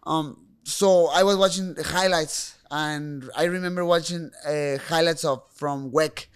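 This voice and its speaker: A young man from Mexico whose first language is Spanish, speaking English with a Mexican accent. His voice sits a little high and sounds smooth and resonant. He talks in stops and starts, circling back over his words. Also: steady tone. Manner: halting, many restarts and fillers. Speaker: guest fighter. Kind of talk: casual interview talk.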